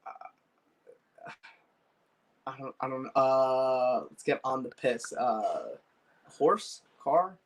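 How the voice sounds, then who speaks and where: An excitable young man guesting on a casual interview, laughing easily and bursting into loud cheers. His pitch sits in the ordinary middle, heard over a video call. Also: drawn-out words, long pauses, rough recording. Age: young adult. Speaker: guest, pro wrestler.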